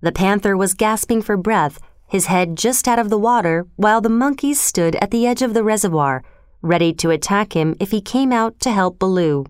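Woman, storybook narrator, calm expressive reading, crisp voice, dry recording. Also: medium pitch, moderate pace, no echo.

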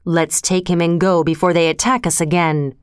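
A woman voicing a protective male panther in a storybook reading, with measured, urging speech. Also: fairly low pitch, little pitch movement, clear, resonant tone, no echo, studio quality, close to an everyday voice. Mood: urgent.

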